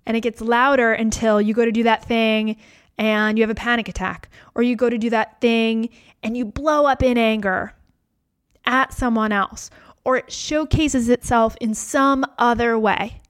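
A woman hosts a podcast in a loose, reflective monologue, often repeating a phrase several times to drive a point home. Her voice sits fairly high, and the sound is close and dry with no room around it. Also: fairly even intonation, moderate pace, clean tone, dry recording. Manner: reflective and conversational, piling up repeated phrases for emphasis. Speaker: podcast host. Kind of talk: casual podcast monologue on yoga and wellness.

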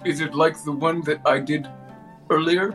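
A man's voice: fairly high pitch, fairly even intonation, moderate pace, a bit bright, faint music behind, natural voice. A man voicing a terse, dutiful male courier who refers to himself in the third person.

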